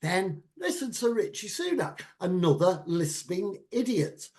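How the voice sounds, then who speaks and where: Ranting man, lively pitch. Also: unhurried. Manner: animated, sometimes shouting. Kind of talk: ranting political chat.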